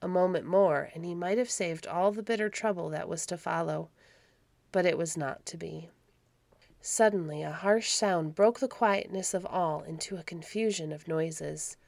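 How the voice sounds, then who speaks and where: A woman reading a classic story aloud in a calm, measured storybook narration. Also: lowish voice, vocal fry, dry recording. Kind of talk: scripted narration.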